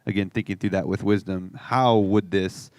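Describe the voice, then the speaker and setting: A man's voice: sits low, fairly even intonation, moderate pace, a little mellow, no echo, studio quality. A man co-hosting an unscripted faith podcast, speaking thoughtfully and reflectively. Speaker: podcast co-host.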